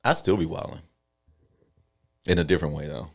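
Very deep-voiced young man telling stories. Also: brisk, vocal fry. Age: 20s. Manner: animated storytelling, acts out quoted dialogue. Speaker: podcast co-host. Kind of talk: casual podcast banter.

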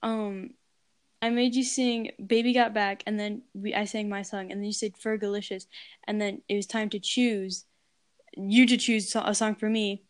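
A woman's voice: medium pitch, steady tone, moderate pace, dry recording, clean studio sound. A woman co-hosting a casual podcast, rambling with many fillers and teasing her partner. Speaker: podcast co-host. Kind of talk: casual chat.

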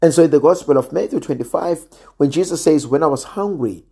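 A man preaching a sermon in a slow, measured way, sometimes dropping almost to a hush for emphasis. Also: fairly high pitch, husky. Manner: slow and measured, drops to near-quiet emphasis.

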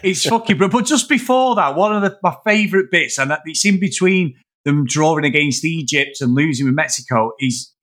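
High bright guy gushing about a film, swears a lot, does the lines. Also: brisk, hardly any pauses. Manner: animated, swearing, acts out scenes. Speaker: podcast co-host. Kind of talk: casual film chat.

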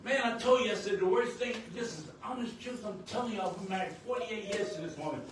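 An older man, married nearly fifty years, preaching a sermon as pastor, at times rising to shouts. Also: high voice, quick pace. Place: church sanctuary. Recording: very echoey church hall, distant mic, noisy.

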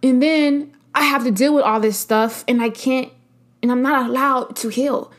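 A woman's voice: high-pitched, fairly even intonation, normal speed. A young adult woman hosting her own podcast, speaking in an earnest, emphatic way and repeating phrases to stress a point. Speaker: podcast host. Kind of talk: casual solo podcast talk.

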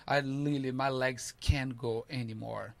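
Gravelly man telling a story animatedly. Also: mid-range voice, normal speed, dry recording. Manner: animated storytelling, acting out voices, broken English. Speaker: podcast guest, ultrarunner. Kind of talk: casual interview chat.

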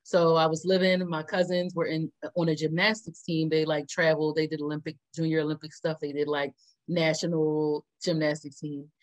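A co-host with a low voice and a moderate pace tells a story during a casual chat. She is animated, laughs a lot, and acts out the quotes.

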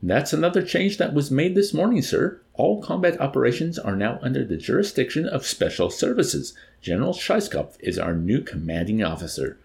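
A man's voice: mid-range voice, sing-song, moderate pace, creaky, few pauses, darkish tone, pitched above the performer's own voice. A man reading aloud and voicing a nervous, deferential male army sergeant.

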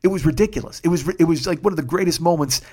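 A man hosting a podcast, from the Chicago area, telling a casual, profane story that swells loud when he gets excited. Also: on the high side, very fast. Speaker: podcast host.

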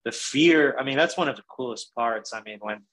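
A man's voice: medium pitch, a little fast, a bit bright, poor audio. Thoughtful man in casual film chat. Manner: thoughtful, hesitant with fillers.

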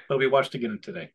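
A man co-hosting a casual podcast, his voice a little husky and breathy. He rambles easily from topic to topic. When he quotes someone he jumps into lively voices. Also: medium pitch. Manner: rambling, animated when quoting others. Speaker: podcast co-host. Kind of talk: casual chat.

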